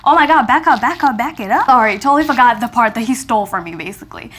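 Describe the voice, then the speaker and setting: High-voiced woman telling a lively storytime. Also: quick pace, breathy edge. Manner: animated, acts out her own reactions in dialogue, slangy asides. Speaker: vlogger. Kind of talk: storytime vlog.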